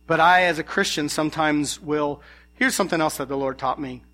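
Male preacher with a bright tone, earnest sermon, questions to the congregation. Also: on the high side, brisk.

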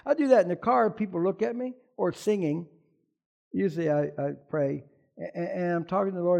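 A man preaching a sermon as pastor, animated, often asking the congregation questions. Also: high voice, brisk, vocal fry, lo-fi sound.

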